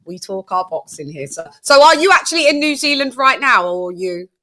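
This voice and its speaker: A woman's voice: medium pitch, very animated, fairly quick. A woman from the UK hosting a boxing livestream, chatting playfully with guests and greeting her chat with frequent laughs. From United Kingdom. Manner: chatty, playful, laughs often, gives shout-outs to chat. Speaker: livestream boxing show host.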